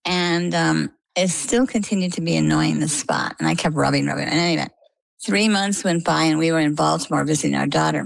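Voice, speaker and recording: A middle-aged woman from Maine, a guest in an interview, telling her story in a lively, conversational way and acting out the quoted dialogue. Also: sits low, fairly quick, gravelly, no room sound, rough recording. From Maine, USA.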